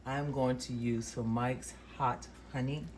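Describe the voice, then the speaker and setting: A woman's voice: extremely low pitch, steady tone, measured pace, a little mellow, a little hiss or hum. A woman hosting a cooking show, talking viewers through a recipe in a homey, chatty way and calling them y'all. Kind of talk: casual cooking demonstration. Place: home kitchen.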